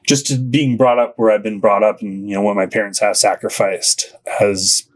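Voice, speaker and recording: Man, band musician, lowish voice, casual interview, rambling, laughs between phrases. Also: steady tone, normal speed. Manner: rambling, full of "you know" and restarts. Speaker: band musician, podcast guest.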